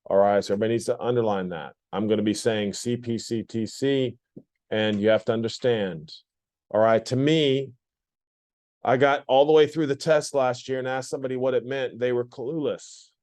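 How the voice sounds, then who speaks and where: Man, math teacher, classroom lecture, repetitive, questioning, middle pitch. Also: steady tone, normal speed, darkish tone.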